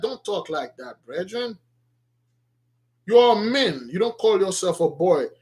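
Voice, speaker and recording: A man preaching to his followers in an emphatic, repetitive way, swinging between shouts and quiet asides. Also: high voice, sing-song, a little slow, long pauses, breathy edge. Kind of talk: street-style sermon.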